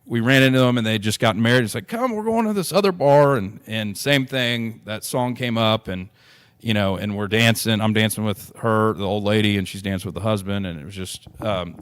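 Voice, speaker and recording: A man, a guest on a podcast, recounts a personal story in an earnest, rambling way. He restarts his sentences often and leans on "you know". His voice sits a little low.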